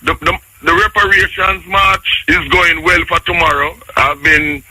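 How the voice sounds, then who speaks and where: Bright-voiced male caller on radio. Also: sits high, measured pace, slight background noise, poor audio. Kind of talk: call-in radio talk.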